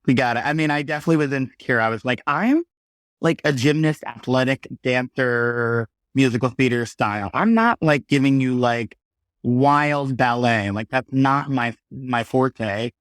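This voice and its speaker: A man in his thirties, a podcast guest, telling lively stories in casual talk and acting out the quotes. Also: medium pitch, moderate pace, no room sound, clean studio sound. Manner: animated storyteller, acts out quotes. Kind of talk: casual conversation.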